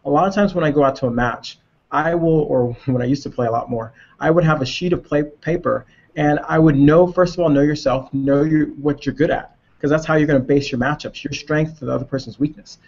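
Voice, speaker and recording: A man with a gravelly, creaky voice talks through tennis drills like a coach in a casual webinar, pausing now and then to find his words. The sound is muffled and lo-fi, as webinar audio often is. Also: on the high side, steady tone, a little mellow.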